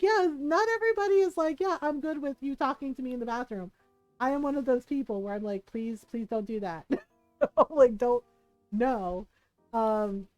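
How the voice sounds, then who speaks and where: A chatty woman from the Philippines telling stories to her live-stream audience, laughing often and slipping into the voices of the people she quotes. Her voice sits a little high and sounds mellow and warm. The recording is dry and close, with soft music playing underneath. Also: no echo, poor audio. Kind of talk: casual storytelling to a live stream.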